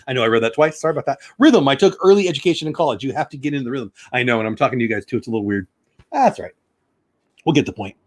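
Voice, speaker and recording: A man's voice: mid-range voice, expressive, rapid-fire. A man hosting a casual vlog, chatting and reading a children's book aloud with a sing-song rhythm. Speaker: channel host.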